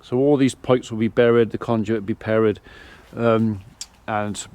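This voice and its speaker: A man's voice: on the low side, fairly even intonation, normal speed, a little mellow, muffled recording. A middle-aged man, a farmer vlogging casually outdoors as he feeds his animals and chats away to them. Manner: chatty, talks to his animals while feeding them. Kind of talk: casual vlog while doing farm chores. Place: farmyard outdoors.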